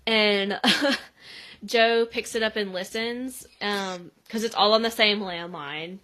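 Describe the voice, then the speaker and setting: A woman's voice: mid-range voice, steady tone, slow, fairly bright tone. A woman co-hosting a podcast, casually recapping an episode and acting out the lines in a chatty way. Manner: chatty, acts out quotes. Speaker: podcast co-host.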